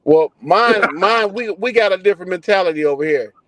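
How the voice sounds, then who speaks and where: High-voiced blunt man, emphatic. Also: expressive, fairly quick, fairly bright tone, dry recording. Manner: emphatic, repeats "listen", blunt. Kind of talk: casual group debate.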